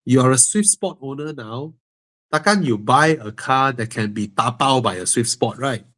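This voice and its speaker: A man's voice: medium pitch, moderate pace, a bit bright. Malaysian guy doing a live car q&a, blocked nose, blunt jokey opinions. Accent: Malaysian English. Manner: frank, joking, opinionated. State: stuffy nose, breathing heavily. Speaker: host answering car-buying questions. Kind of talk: live Q&A stream.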